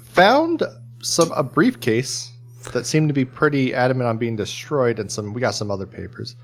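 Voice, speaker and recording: A man's voice: mid-range voice, lively intonation, normal speed. A man playing his character in a tabletop game, jokey and often laughing. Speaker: player.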